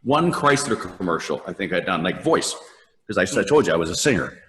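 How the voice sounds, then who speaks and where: A man's voice: low voice, very animated, fairly quick, fairly bright tone, slight background noise. An older man, a voice actor guest, telling rambling stories in a casual interview, laughing often and acting out lines. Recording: long reverb on the voice.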